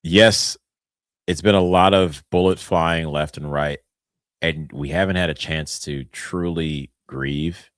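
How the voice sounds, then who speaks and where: A man's voice: rumbling low, fairly even intonation, slow, dry recording, studio quality. A man hosting a casual political chat, earnest, with frequent laughs and short agreeing interjections. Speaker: host.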